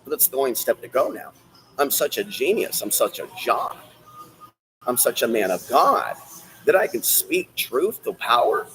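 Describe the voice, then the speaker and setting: A man hosting a solo livestream, rambling in a ranty way and speaking straight to viewers and the chat, swinging from loud bursts to low muttering. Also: big pitch swings, measured pace, slight background noise, poor audio. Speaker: livestream host.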